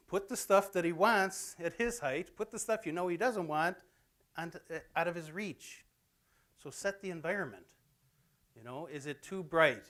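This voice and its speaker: A man's voice: medium pitch, fairly bright tone. Plainspoken middle-aged man giving a talk. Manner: plainspoken, anecdotal, conversational. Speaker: presenter at a campus talk. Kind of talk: informal lecture to students. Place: college theatre, in front of an audience.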